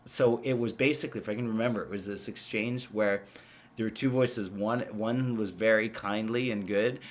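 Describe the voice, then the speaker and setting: Male guest in his thirties, lowish voice, rambling casual storyteller, many restarts. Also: fairly even intonation, normal speed. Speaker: guest, amateur paranormal investigator.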